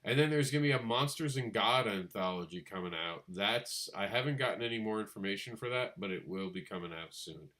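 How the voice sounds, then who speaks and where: Animated man co-hosting a comics chat. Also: fairly quick, hardly any pauses. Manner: animated, laughs, mimics others in a high voice. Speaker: podcast co-host. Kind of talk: casual chat about crowdfunding comics.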